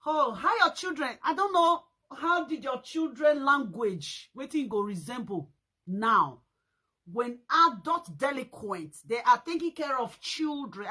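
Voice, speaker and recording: A woman with a Nigerian accent hosting a casual live stream, loudly mocking and laughing between exclamations. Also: sits high.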